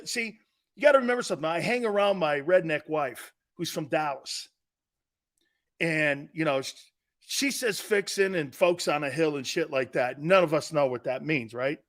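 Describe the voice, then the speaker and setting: Loud sports show host guy, brash, acts out stories, sharp bright voice. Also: high-pitched. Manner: brash, animated storyteller, acts out dialogue. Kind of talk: loose sports radio rant.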